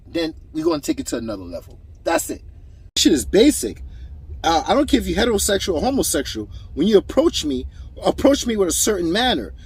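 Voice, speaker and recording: A man's voice: high voice, husky. A man giving a blunt, profane, rambling opinion monologue in casual talk, acting out the voices of people he quotes.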